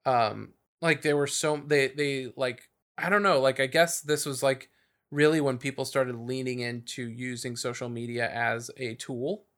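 Speaking unhurriedly with fairly even intonation, this podcast co-host has a slightly bright mid-range voice. He chats casually and rambles, with many fillers and restarts.

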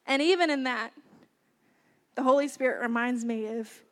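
High-voiced woman preaching in a reverberant hall. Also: moderate pace, pauses often. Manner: earnest, lively, warm-hearted with laughs. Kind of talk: sermon. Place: church hall.

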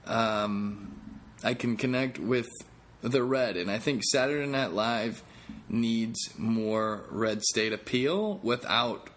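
A man's voice: mid-range voice, a bit bright, a little hiss or hum. A comedian hosting his own podcast, talking in a rambling, jokey, self-deprecating way. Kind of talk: casual podcast monologue.

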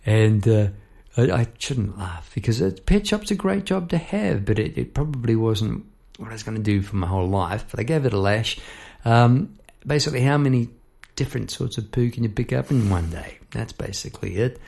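A young man telling a story in a casual, animated way, acting out the people in it. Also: moderate pace, vocal fry. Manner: animated, chirps bird noises and acts out people in high voices.

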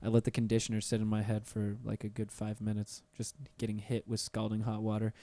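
A man's voice: lowish voice, completely flat delivery, brisk, mellow, no echo. A man hosting a casual podcast, laid-back and teasing, using a lot of slang, on a studio mic. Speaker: podcast host. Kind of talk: casual chat.

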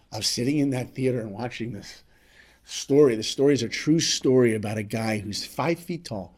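Guy on a podcast giving a motivational talk, dramatic, goes loud then drops real quiet, talks right to you. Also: medium pitch, animated, moderate pace, husky. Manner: dramatic, swinging between loud emphasis and quiet asides; speaks straight to listeners. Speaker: podcast guest. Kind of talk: motivational storytelling.

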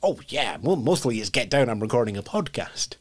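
Male podcast host, very expressive pitch, friendly interviewer. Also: fairly quick. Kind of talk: casual interview.

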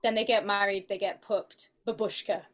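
A woman co-hosts a casual podcast and keeps chiming in with quick, teasing asides. Her voice sits at an ordinary pitch for a woman. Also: steady tone, fairly bright tone. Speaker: podcast co-host. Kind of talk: casual chat.

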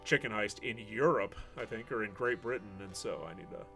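Man, podcast host, relaxed, rambling, casual chat, faint background music. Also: lowish voice, a little fast.

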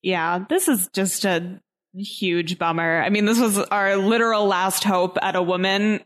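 A woman's voice: medium pitch, fairly even intonation, a little slow. A woman co-hosting a casual podcast, chatting playfully and defending her point through laughter. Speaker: podcast co-host. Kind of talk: casual chat.

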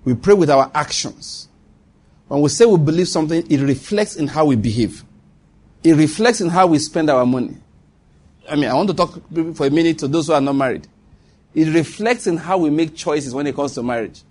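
A man's voice: on the high side, animated, fairly quick, darkish tone. A man preaching a sermon, earnest, teasing and exhorting.

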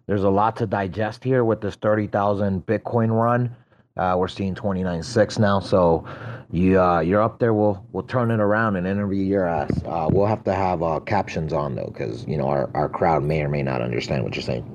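A man's voice: sits low, normal speed, highs cut off, noisy background. A man who hosts a morning market show, talking in an upbeat, teasing way in a casual online chat.

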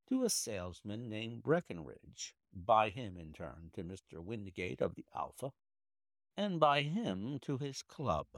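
A man voicing a shrewd Victorian detective, speaking in a bland, measured, quietly confident way. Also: lowish voice, creaky, no room sound, clean studio sound, exaggerated voice.

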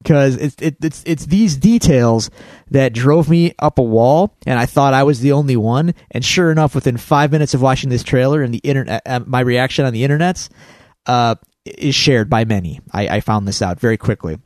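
A man co-hosting a podcast, talking in a rambling, animated way with many restarts. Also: medium pitch, normal speed, no echo. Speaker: podcast co-host. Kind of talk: casual chat.

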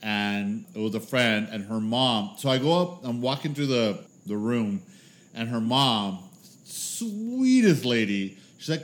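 A man's voice: lowish voice, unhurried. A man in his forties co-hosting a podcast, telling stories in casual chat with lots of laughter and swearing. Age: 40s. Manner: animated storytelling, laughs often, swears freely. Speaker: podcast co-host.

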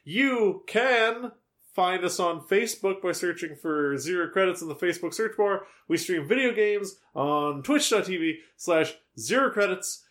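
A man co-hosting a podcast, chatting loosely and reading the show's plugs. His voice sits slightly high. His humor is dry and offhand. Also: lively intonation, a little slow, fairly bright tone. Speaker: podcast co-host. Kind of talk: casual podcast banter.

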